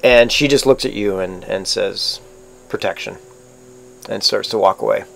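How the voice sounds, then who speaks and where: A man with a lowish voice narrates as game master over online voice chat. He talks haltingly, with plenty of fillers and restarts as he describes the scene. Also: vocal fry, fairly bright tone, slight background noise.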